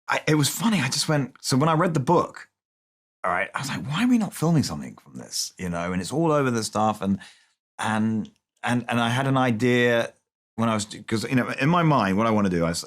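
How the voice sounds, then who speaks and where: A man's voice: mid-range voice, a little fast. A man being interviewed about his film work, telling loose, rambling stories in a casual chat and acting out the people he quotes. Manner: animated, acts out quoted voices, rambling restarts, frequent swearing. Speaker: film director guest. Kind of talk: casual anecdotal storytelling.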